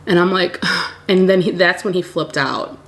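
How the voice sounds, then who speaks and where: A woman casually telling a storytime tale to her viewers, animated and acting out what people said. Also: fairly low pitch, normal speed. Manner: animated retelling, acting out quoted dialogue.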